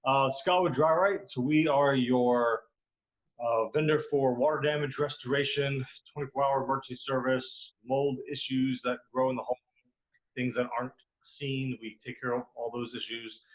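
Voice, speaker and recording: A man pitching his restoration company on a video call, in a plain salesy way with some fillers. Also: fairly even intonation, moderate pace. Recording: dull lo-fi video call audio.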